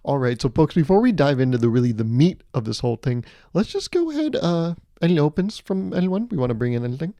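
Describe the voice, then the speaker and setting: A man's voice: fairly high pitch, very animated, fast talker, few pauses, dark tone, no echo. Man putting on a chipper corporate meeting boss. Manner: chipper filler-heavy office jargon. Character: upbeat male corporate meeting leader.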